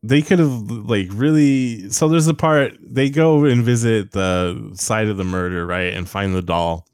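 A man's voice: lowish voice, measured pace, a little mellow, clean tone, no echo, clean studio sound. A man in casual chat, rambling loosely through a movie review with lots of filler words and the odd curse. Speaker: podcast co-host reviewing a movie.

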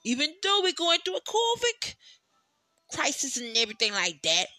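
Pitched high with huge swings, this podcast host speaks at normal speed in a pushed, bright voice with no room sound. Alone and chatty, they spin loose stories full of swearing, frequent laughs, and rambling "you know" asides.

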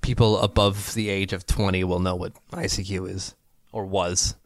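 A man from Canada in his thirties, co-hosting a casual sports podcast from his basement, chatty and analytical and quick to laugh. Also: sits low, little pitch movement, no echo, studio quality. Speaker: podcast co-host. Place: home basement.

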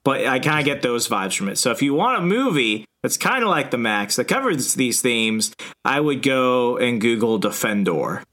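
A man in a casual comic book discussion gives confident, opinionated takes. His voice is mid-pitched and even. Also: moderate pace.

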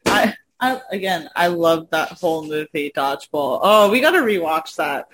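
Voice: mid-range voice, animated, moderate pace. A speaker in casual chat, enthusiastic, swearing casually and laughing often. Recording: faint background noise.

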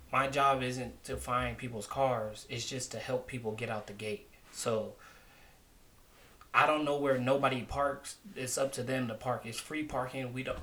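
A man co-hosting a podcast, chatting casually and telling a work story in a rambling, relaxed way. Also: medium pitch. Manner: relaxed, rambling, laughs often. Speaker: podcast co-host.

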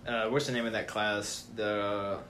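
A man's voice: on the low side, flat delivery, unhurried, fairly bright tone, a little hiss or hum. Chatty young man co-hosting a podcast. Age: young adult. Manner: chatty, rambling with many fillers. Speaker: podcast co-host. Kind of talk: casual podcast chat.

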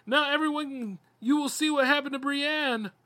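A man voicing a frantic, delusional young patient with high, strained shouts. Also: normal speed. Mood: desperate. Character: terrified delusional young man in a hospital, desperate.

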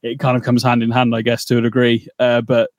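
A man's voice: medium pitch, completely flat delivery, brisk, dry recording, clean studio sound. A man co-hosting a podcast in casual chat, rambling and bantering with mock outrage. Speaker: podcast co-host.

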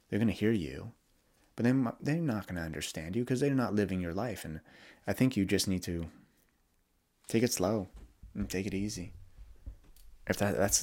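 A man's voice: deep voice, a little mellow. A young man hosting a solo podcast, talking candidly and reflectively about his feelings, with frequent restarts. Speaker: podcast host.

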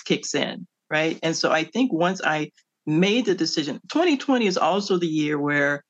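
A woman's voice: deep voice, normal speed. Laughing middle-aged woman telling stories. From Midwestern United States. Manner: laughs often, animated storytelling. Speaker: author guest. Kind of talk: conversational interview answers. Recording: dull lo-fi audio.

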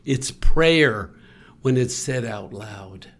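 A man's voice: medium pitch, lively intonation, drawn-out words, a bit bright. A man co-hosting a faith-based podcast, earnestly leading listeners through a spoken forgiveness prayer in a pastoral way. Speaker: co-host.

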